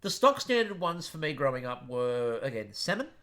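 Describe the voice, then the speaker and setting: A man's voice: mid-range voice, big pitch swings, moderate pace, a bit bright. A man from Australia co-hosting a casual chat podcast, joking and rambling with frequent laughs. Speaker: podcast co-host.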